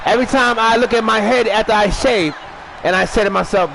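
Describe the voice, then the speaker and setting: A man hosting a wrestling show, shouting a rambling profane comic monologue, stuttering at times and eating while he talks. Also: high-pitched, a little fast, gravelly, noisy background. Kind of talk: loud profane comedic monologue.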